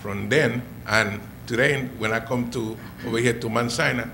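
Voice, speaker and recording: A man's voice: medium pitch, fairly even intonation, moderate pace, vocal fry, sharp tone, slight background noise. A man in the audience of a forum, polite, answering "yes, ma'am" and describing his troubles. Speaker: audience member, former worker. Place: public forum.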